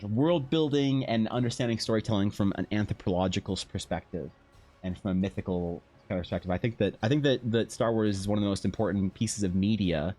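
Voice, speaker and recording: A young man streaming, telling rambling stories in casual chat with lots of restarts and swearing. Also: on the low side.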